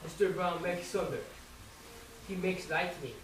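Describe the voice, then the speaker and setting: Teen student slowly reading a picture book. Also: mid-range voice. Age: teens. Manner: slow, careful read-aloud with sound effects. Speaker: high school student reading aloud. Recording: echoey, distant, noisy.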